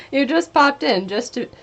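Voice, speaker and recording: A woman's voice: sits high, gravelly, a bit bright. A woman streaming live while painting, chatting casually, laughing often and breaking into silly singing.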